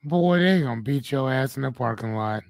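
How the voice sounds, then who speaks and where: A man hosting a live coaching stream, reading viewer comments and answering them in an animated, joking, slangy way. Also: mid-range voice, moderate pace, gravelly, no echo. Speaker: host and coach.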